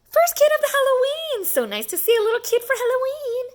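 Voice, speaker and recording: A woman voicing a cheerful lady giving out candy in a read-aloud picture book, gushing in a high, fast voice. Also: sing-song. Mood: thrilled.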